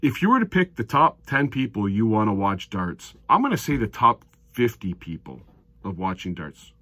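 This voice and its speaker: Man, commentator. Husky voice, lively pitch, heated rant, dry close mic. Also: moderate pace, dry recording. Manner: heated, ranting, swings from low mutters to loud outbursts. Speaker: darts commentator. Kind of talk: opinionated solo video commentary.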